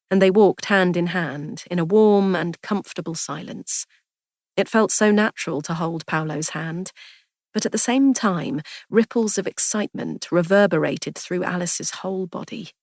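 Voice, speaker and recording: Woman reading a story, low and dry. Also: no room sound. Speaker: audiobook narrator. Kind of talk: scripted story narration.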